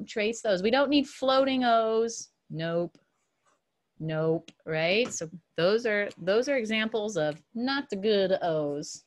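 Woman, kindergarten teacher, online lesson; lively sing-song pitch, unhurried pace, sounds out letters for small children.

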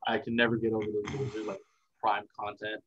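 Relaxed young man, dull lo-fi sound. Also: lowish voice, quick pace. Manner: relaxed, rambling, reflective. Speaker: interview guest, content creator. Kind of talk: casual interview talk.

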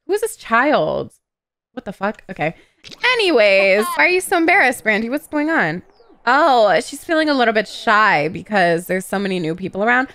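Excitable potty-mouthed gamer girl chatting over gameplay, super animated voice. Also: on the high side, normal speed, no echo. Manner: excitable, gossipy and profane. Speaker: gaming YouTuber. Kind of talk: casual gameplay commentary.

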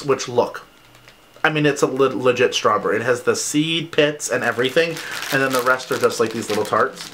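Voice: mid-range voice, background noise. A vlogger chatting casually during an unboxing, with lots of "like" fillers. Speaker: vlogger reviewing candle scents.

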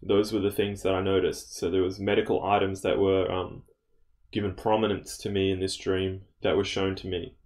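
A man's voice: deep voice, flat delivery, moderate pace, a little mellow. A young man recounting a dream as a casual spoken testimony, rambling with many fillers and restarts.

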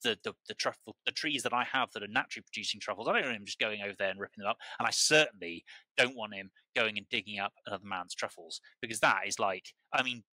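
A British man with a very bright, sharp voice tells stories as a podcast guest. He rambles and keeps restarting and repeating words. The recording is dry and close. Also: on the low side, fast, dry recording, rough recording. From United Kingdom. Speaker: truffle grower, podcast guest. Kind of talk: casual conversational storytelling.

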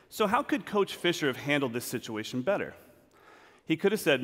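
A man with a slightly high voice talks a little fast as he tells stories on a large auditorium stage. He's animated and acts out the scenes, and the long reverb of the hall surrounds him.

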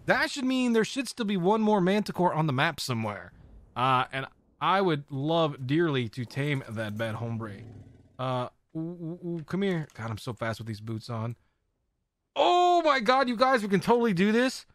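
A man giving casual running commentary as he plays a video game, talking to his viewers and often bursting into excited exclamations. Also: on the high side, moderate pace, no room sound. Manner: excitable, squeals often, chatty. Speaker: game streamer.

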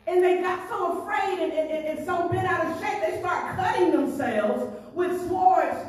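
A woman pastor preaching a sermon with animated delivery, repeating words as she goes and laughing now and then. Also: extremely high pitch, measured pace, very echoey, recorded from a distance.

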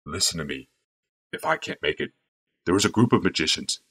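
A man voicing a gruff, husky older mage. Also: big pitch swings, moderate pace, fairly bright tone, heavily acted. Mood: urgent, firm. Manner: firm, low-voiced urging. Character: gruff older male mage, stern and protective. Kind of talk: audiobook character voice.

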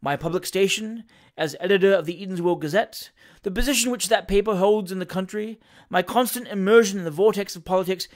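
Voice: medium pitch, a little fast, close to an everyday voice. A reader voicing a pompous, meek middle-aged male newspaper editor who speaks up eagerly and fawningly in a storybook reading. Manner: eager, fawning, raised and louder than the narration.

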